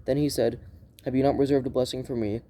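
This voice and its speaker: A man reading scripture aloud in a plain, unhurried way, often restarting and correcting himself. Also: medium pitch, flat delivery, dark tone, a little hiss or hum. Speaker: Bible reader.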